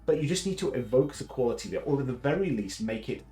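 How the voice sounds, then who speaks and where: A man from the south of England with a deep baritone voice, chatting casually and rambling with many fillers and restarts. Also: animated, quick pace, mellow, faint music behind, low-quality recording. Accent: Southern English. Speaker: host. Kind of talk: casual live chat.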